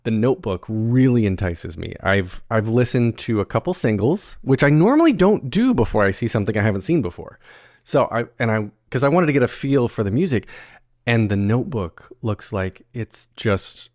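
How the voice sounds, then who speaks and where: A man from the American South hosts a relaxed podcast conversation and often restarts his sentences. His voice is mid-pitched, and the recording is dry and close. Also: no room sound. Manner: casual, stumbling restarts, quick laughs. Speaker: podcast host. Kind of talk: casual chat.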